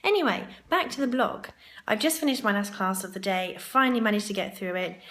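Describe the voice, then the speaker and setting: A woman's voice: medium pitch, lively intonation, a little fast, a bit bright. A woman vlogging to camera in a chatty, rambling way, her throat sore and groggy. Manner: chatty and rambling, with asides to herself. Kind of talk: chatty vlog monologue. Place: hotel ladies' room for part of it.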